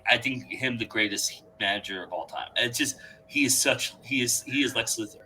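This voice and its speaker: Bright, eager man telling stories. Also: mid-range voice, moderate pace, slightly rough, poor audio. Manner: excited storyteller, stumbles and repeats words. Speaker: podcast co-host or guest. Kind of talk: casual chat.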